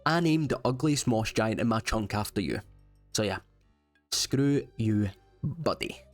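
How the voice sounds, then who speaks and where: A man's voice: lowish voice, lively intonation, measured pace, faint music behind. Wry male gaming voice-over. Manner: wry, self-mocking banter. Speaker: gaming YouTuber. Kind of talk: casual game commentary voice-over.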